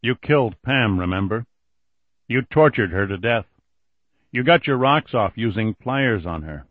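A man voicing a cold, controlled male interrogator who speaks quietly and with measured menace, on a dull lo-fi recording. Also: lowish voice, expressive, dry recording. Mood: accusing.

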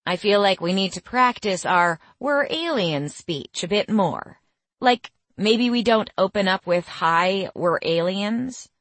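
A woman's voice: medium pitch, lively intonation, takes it slowly, fairly bright tone, no room sound. A woman voicing a dry, sardonic young woman. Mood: wry.

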